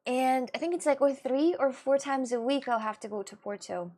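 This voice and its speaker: A woman's voice: high-pitched, moderate pace, darkish tone. Chatty young woman streamer. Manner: chatty, rambling with many fillers and repeats. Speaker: streamer reading chat. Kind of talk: casual live-stream chat.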